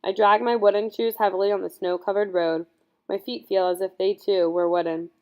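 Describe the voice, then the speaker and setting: A woman reading a first-person audiobook in scripted narration, measured and earnest. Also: mid-range voice, level tone.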